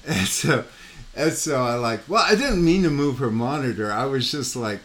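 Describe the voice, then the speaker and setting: A man's voice: mid-range voice, moderate pace. A man hosting a painting podcast, telling a rambling anecdote in casual chat, with lots of "you know" and "like" and sound effects he mimics himself. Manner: animated, mimics sounds and voices while telling stories. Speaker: painting coach and podcast host.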